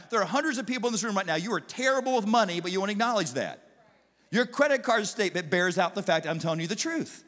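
A man with a fairly high voice preaches to a large congregation, animated and playful, slipping into brief impersonations of the people in his stories. His voice carries a long reverb from the auditorium around him. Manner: animated, acts out biblical figures in quick asides. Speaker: pastor. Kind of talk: sermon.

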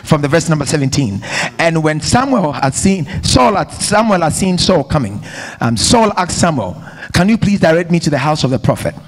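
A man's voice: a little high, big pitch swings, moderate pace, hardly any pauses. A man with an African accent preaching a sermon to a congregation, emphatic and rousing, calling on listeners to repeat after him. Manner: emphatic, call-and-response with congregation. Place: church hall with congregation.

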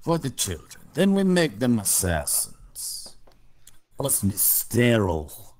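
A man voicing a mock Russian villain in a deliberately bad put-on Russian accent, hammy and playful. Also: medium pitch, huge pitch swings, a little mellow. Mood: hammy sinister.

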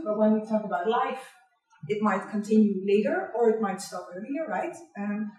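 A middle-aged woman with a Dutch accent, giving a candid, personal university lecture in a large hall, often pausing on "um" and checking in with "right?". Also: medium pitch, a little mellow. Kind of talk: public lecture. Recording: echoey hall, distant mic.

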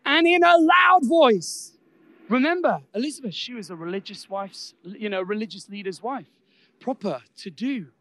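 A man preaching a sermon as pastor, animated and building to loud, emphatic exclamations. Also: very high voice, moderate pace.

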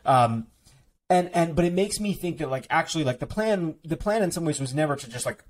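A man, an author being interviewed on a podcast, talking quickly in a rambling, casual way full of "like" fillers and restarts. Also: on the high side, expressive, a little hiss or hum.

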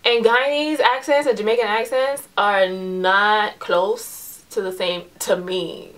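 A woman in her twenties from New York, telling a personal story in a casual, chatty way, full of likes and ums, getting animated as the tension builds. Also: mid-range voice, slow. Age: 20s. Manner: chatty, heavy use of "like" and "um"; animated storyteller, voice rises when retelling the confrontation. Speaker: vlogger.

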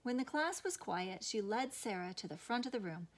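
A woman teacher reading a picture book aloud to her students in an expressive storytelling manner, from a classroom. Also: on the high side, moderate pace.

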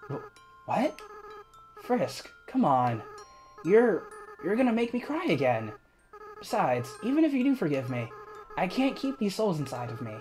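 A man voicing a remorseful, tearful young goat-monster boy as he reads a game's dialogue aloud in a soft, slow way. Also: sits high, huge pitch swings, faint music behind, exaggerated voice. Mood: earnest. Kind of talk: reading game dialogue aloud.

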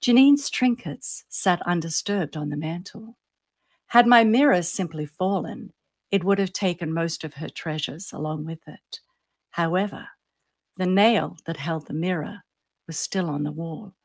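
A woman, an author reading her own fiction aloud, telling it with suspense and letting phrases fall softly at the end. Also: fairly low pitch, a little slow. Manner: storytelling, drops softly on ends of phrases, lifts on suspense.

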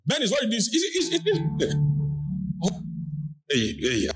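A Ghanaian pastor preaches in a high voice with wide, lively swings of pitch. He shouts lines out and presses the congregation to answer him. Music plays clearly underneath the live church recording. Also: moderate pace. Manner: shouting and calling for audience answers. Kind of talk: preaching sermon.

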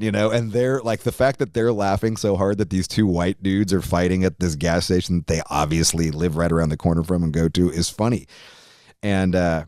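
A man with a very low voice tells a long, rough anecdote as a podcast guest, swearing freely and laughing through it. The sound is close and dry, with no room around him. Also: darkish tone, dry recording. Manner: profane, rambling, laughs while telling. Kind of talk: casual storytelling anecdote.

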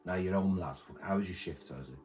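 Low-voiced man chatting on stream. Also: brisk. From Britain. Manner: rambling, crude banter with chat, mumbled asides. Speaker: livestreamer reading chat. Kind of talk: casual livestream chat. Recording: streamer mic with loud music behind. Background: music playing.

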